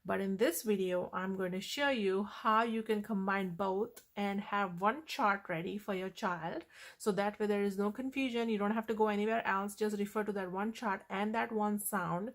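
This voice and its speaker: A woman's voice: medium pitch, steady tone, moderate pace. A woman teaching a phonics lesson on vowel sounds, explaining patiently and repeating the key points.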